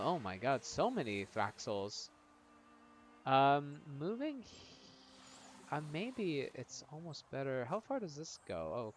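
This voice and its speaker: A man's voice: a little high, slight background noise. A man narrating a tabletop-style video game on a live stream, chatty and self-mocking.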